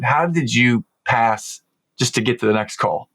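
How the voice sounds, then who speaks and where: A man's voice: medium pitch, animated, moderate pace, a bit bright. A man hosting a podcast, asking his guest encouraging follow-up questions in a casual interview. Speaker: podcast host.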